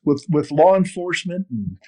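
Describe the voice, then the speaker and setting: A man's voice: fairly high pitch, moderate pace. Rambling older male storyteller. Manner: rambling, animated storyteller with many restarts. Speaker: podcast guest, fishing TV host. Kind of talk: storytelling interview over a call.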